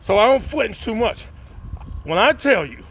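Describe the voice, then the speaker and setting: A middle-aged man, telling a profane, animated spoken-word story and acting out the dialogue. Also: sits high, normal speed, gravelly, slightly rough, highs cut off. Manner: acts out dialogue, rises in excitement.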